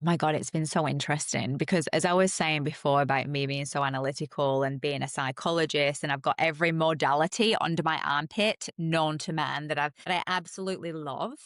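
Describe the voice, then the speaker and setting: Middle-aged woman, low and earnest, dry close sound, reflective podcast guest. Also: fairly even intonation, brisk, few pauses, no room sound. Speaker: holistic psychologist guest. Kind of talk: candid podcast conversation.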